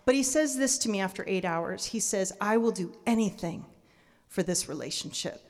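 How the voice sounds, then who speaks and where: A woman in her thirties telling a true personal story on stage before an audience, lively, laughing often and acting out her own reactions. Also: medium pitch, moderate pace, slight background noise. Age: 30s. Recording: long hall reverb.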